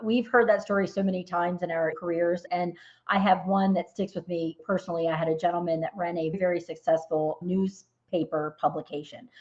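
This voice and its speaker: A woman's voice: on the low side, a little mellow, muffled recording. A middle-aged woman, a financial advisor, talking earnestly over a video call and telling stories from her clients. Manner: earnest, storytelling. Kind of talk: webinar conversation.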